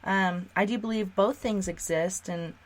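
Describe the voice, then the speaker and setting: A woman's voice: mid-range voice, steady tone, a little slow. A woman hosting a radio talk show, sharing her beliefs earnestly in casual conversation. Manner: earnest, talks through beliefs. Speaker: radio host.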